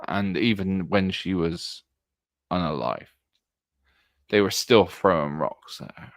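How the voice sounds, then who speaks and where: A man giving an earnest livestream monologue, halting and restarting as he talks. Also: low voice, no room sound, studio quality. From Britain. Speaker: political streamer.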